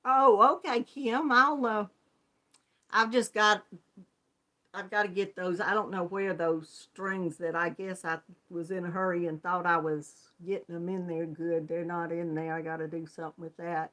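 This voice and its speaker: Her voice is on the low side, steady, bright and forceful, at a moderate pace. She's a middle-aged crochet channel host with a Southern US accent, casually chatting with and greeting viewers, laughing a lot and calling them hon.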